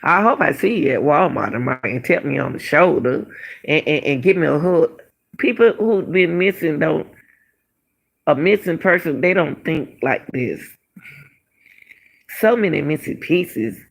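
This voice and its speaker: A woman's voice: deep voice, lively intonation, unhurried, vocal fry, husky. A middle-aged woman hosting a casual commentary show, emphatic and repetitive, firing off rhetorical questions. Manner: emphatic, repeats phrases, fires rhetorical questions. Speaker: commentary channel host. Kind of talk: casual commentary on a missing-person case.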